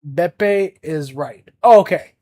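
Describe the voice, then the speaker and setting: A man's voice: on the high side, very slow, dark tone. A young man chatting casually on a livestream as an art streamer, rambling with lots of fillers and restarts.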